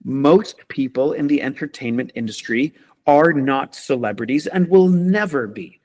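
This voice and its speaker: A man's voice: mid-range voice, measured pace, darkish tone. A man, a podcast guest, speaking emphatically and passionately in a conversational interview, with repeated rhetorical questions.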